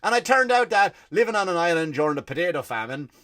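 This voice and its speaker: An Irish man with a fairly high voice tells comic stories on his podcast. He rants and swears freely, and his delivery stays animated throughout. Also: fast. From Ireland. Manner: profane, ranting, animated. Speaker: podcast host and comedian. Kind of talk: comic rant and storytelling.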